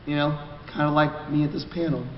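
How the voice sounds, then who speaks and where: A man moderating a convention panel, chatty and joking as he stumbles through restarts. His voice sits a bit high and reaches the mic from a distance. The big hall gives it long reverb and a dull, lo-fi tone. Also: fairly even intonation, a little fast, very noisy. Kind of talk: casual convention panel talk.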